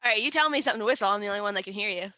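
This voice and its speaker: A woman's voice: mid-range voice, very fast, pushed and bright, no room sound. A woman co-hosting a casual podcast, giggly and playful as she banters. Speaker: podcast co-host. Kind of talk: casual joking chat.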